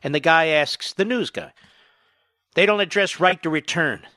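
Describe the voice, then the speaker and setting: A man hosting a political talk radio show, emphatic and indignant, firing off rapid points. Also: a little high, bright, forceful tone, no echo.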